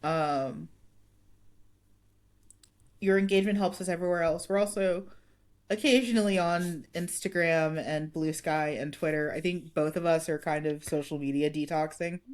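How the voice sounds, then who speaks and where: A woman's voice: low-pitched, darkish tone. A woman hosting a podcast, bantering playfully and reading patron thanks and sponsor notes in a casual way. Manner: playful, laughing, then brisk sponsor read. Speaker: podcast host.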